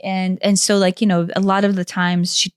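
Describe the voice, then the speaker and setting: A woman's voice: mid-range voice, normal speed, clean tone, dry recording, studio quality. Chatty woman telling a story. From Kentucky, USA. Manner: animated, rambling, with frequent restarts and "like". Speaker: podcast co-host. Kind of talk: casual storytelling chat.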